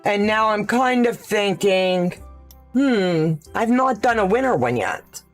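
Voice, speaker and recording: A woman with a mid-range, animated voice hosts a quilting livestream, chatting and thinking out loud while she sews and fields viewer questions. She speaks slowly over soft background music in this casual live sewing demonstration.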